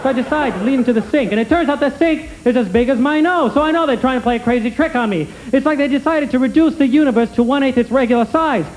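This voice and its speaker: Brash high-voiced stand-up comic man. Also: quick pace, hardly any pauses, darkish tone, a little hiss or hum, rough recording. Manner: brash wisecracking patter, heckling the crowd. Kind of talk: comedy sketch stand-up routine.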